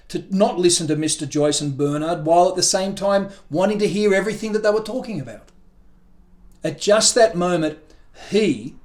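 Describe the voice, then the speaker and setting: A man reading his own short story aloud in a gentle, wry, leisurely storytelling manner. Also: fairly high pitch. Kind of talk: storybook narration.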